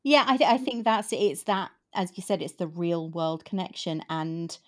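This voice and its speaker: Host, woman in her fifties, lowish voice, animated and rambling. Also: normal speed. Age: 50s. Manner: animated, laughs often, rambling. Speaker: podcast host. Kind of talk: casual book chat.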